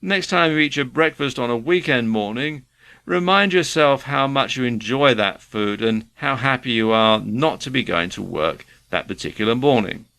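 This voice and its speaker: A man's voice: medium pitch, lively intonation, moderate pace, gravelly, sharp tone, clear, resonant tone. A man giving earnest, conversational self-help advice to the viewer. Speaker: self-help video presenter. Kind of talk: motivational talk to camera.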